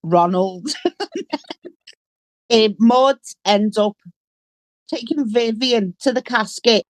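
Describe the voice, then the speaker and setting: A woman co-hosting a podcast, telling an old sitcom plot in a slow storytelling way. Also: on the high side, fairly even intonation, no echo. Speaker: podcast co-host. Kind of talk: casual chat recapping a sitcom episode.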